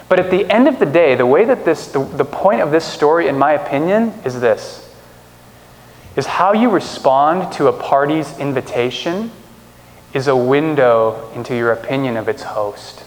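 A man preaching a sermon from a stage in a conversational way, asking rhetorical questions and acting out quotes. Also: fairly high pitch. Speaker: pastor. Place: church stage. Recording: echoey hall reverb.

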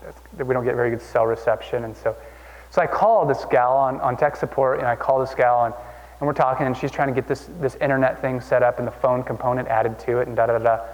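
A man's voice: medium pitch, steady tone, fast. Man preaching in an echoing hall. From Oregon. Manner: conversational, repeats phrases, many fillers and restarts. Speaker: pastor. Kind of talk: sermon. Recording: dull sound with long hall reverb.

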